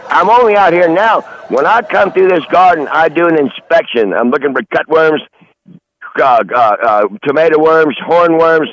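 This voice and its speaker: A man's voice: a little high, a bit bright, no echo. A man rambling in crude, profane casual chat, calling in from outdoors in his garden over a phone line. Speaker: regular call-in guest.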